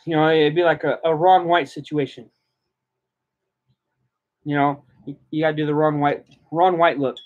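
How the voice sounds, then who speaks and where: A man's voice: level tone, moderate pace, long pauses. A man chatting casually while reacting to something, breaking into frequent laughter. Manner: laughs often, giggly high laughter. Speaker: vlogger reacting. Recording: dull lo-fi sound.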